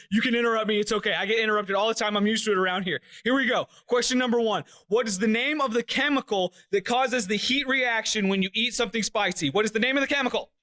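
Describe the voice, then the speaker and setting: A man co-hosting a radio show, running a trivia game for the studio audience in a brisk, joking way. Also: high voice, pushed and bright. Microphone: studio microphone.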